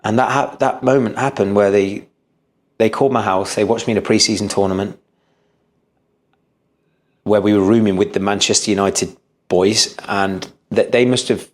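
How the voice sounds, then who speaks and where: A man's voice: fairly low pitch, steady tone, normal speed, long pauses. A man, a podcast guest telling his story earnestly, often restarting and repeating words. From England. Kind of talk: storytelling interview.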